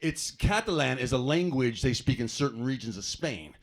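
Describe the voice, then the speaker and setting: A man's voice: mid-range voice, animated, normal speed. An American man performing a stand-up comedy set, talking conversationally to the crowd with self-deprecating asides. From United States. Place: comedy club stage.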